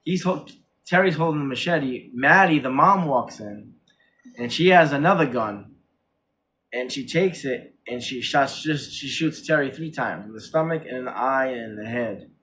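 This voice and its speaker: A man reviewing a horror film in casual chat, retelling the plot excitedly with many restarts and corrections. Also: medium pitch, normal speed.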